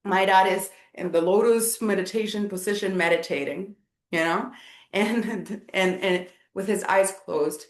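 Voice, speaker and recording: Woman telling a story, animated, laughs a lot, average pitch, kinda echoey room. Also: unhurried. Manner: animated, acts out the people she quotes, laughs often. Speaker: spiritual teacher. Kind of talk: storytelling talk at a live event. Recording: roomy echo.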